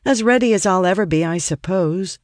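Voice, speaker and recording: A man's voice: high voice, fairly quick, no echo, clean studio sound, pitched above the performer's own voice, close to an everyday voice. A man voicing a poised young woman mage who speaks coolly and composedly. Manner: cool and composed.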